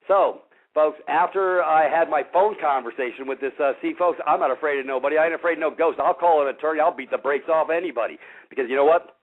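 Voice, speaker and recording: A man's voice: on the high side, fast talker. A man hosting a radio show, talking bluntly and combatively to his listeners and calling them folks. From Missouri. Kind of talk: casual talk radio monologue. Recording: tinny phone-line radio audio.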